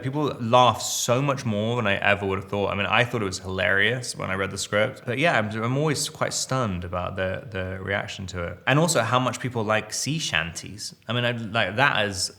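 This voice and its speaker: Chuckling, rambling man with a gravelly voice. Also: on the low side, moderate pace, sharp tone. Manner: rambling and self-amused, full of restarts, fillers and chuckles. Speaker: actor interviewee. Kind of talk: casual interview, reminiscing.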